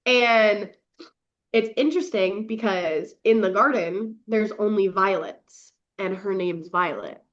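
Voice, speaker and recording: A young woman hosting a podcast and recapping books in casual chat, gushing and swearing with quick bursts of laughter. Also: medium pitch. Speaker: podcast host. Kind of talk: casual book review chat. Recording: dull lo-fi recording.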